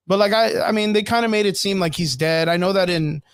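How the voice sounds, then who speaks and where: Man, podcast co-host, slightly high voice, dry close mic, rambling, profane. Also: fairly quick, smooth, dry recording. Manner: rambling, profane, animated fan rant. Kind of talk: casual chat.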